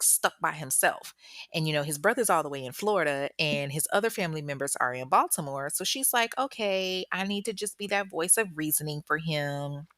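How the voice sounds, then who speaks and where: A young woman tells a true-crime story in a lively, joking way, leaping up in pitch when she acts out what people said. Her voice is bright and crisp. The sound is dry and close. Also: no echo. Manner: animated and joking, acts out quotes with big pitch jumps, laughs often. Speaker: true-crime podcast host. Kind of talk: casual storytelling with commentary.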